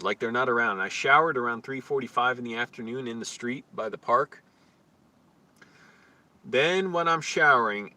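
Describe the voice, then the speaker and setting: Out on the street, a male vlogger talks to his own camera in a casual, rambling way, crude and full of complaints. His mid-range voice is bright with a forceful tone.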